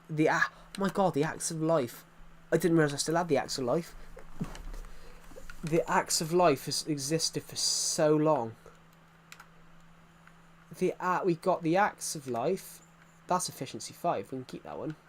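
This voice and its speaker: A man's voice: a little high, unhurried, pauses often, a bit bright, slight background noise. Chatty young man streaming. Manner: rambling, self-mocking, easily sidetracked. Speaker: gaming livestreamer. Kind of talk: casual gameplay chatter.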